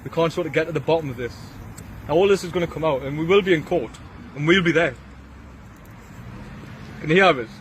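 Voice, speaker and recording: Fast, mocking Geordie man. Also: fairly high pitch, slight background noise. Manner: blunt, mocking, rapid-fire questions. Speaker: leader of a sting team confronting a suspect. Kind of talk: confrontational street questioning.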